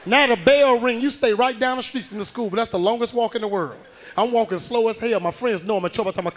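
High-voiced man doing stand-up. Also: fast talker. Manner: loud animated storytelling, acting out the people he quotes. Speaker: stand-up comedian. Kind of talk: stand-up comedy routine. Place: comedy club stage.

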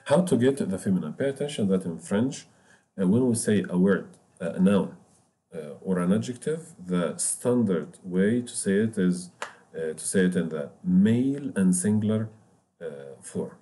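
A French teacher whose first language is Arabic explains a beginners' language lesson in English, his voice low and mellow with lively intonation. He is patient and repetitive, saying each word more than once and slowly spelling it out letter by letter.

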